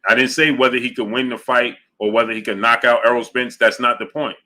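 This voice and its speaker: Male livestream host, bright voice at mid pitch, emphatic and argumentative, reads out chat messages. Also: level tone, a little fast. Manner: emphatic, argumentative, repeats his points. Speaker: boxing show host. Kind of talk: livestream commentary reading viewer chat.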